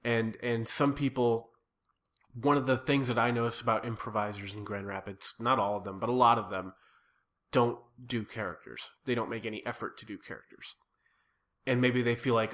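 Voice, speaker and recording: A man's voice: mid-range voice, fairly even intonation, normal speed, fairly bright tone. A man, an improv performer and workshop teacher, giving earnest advice in casual podcast chat with many restarts. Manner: earnest, advising, with frequent restarts.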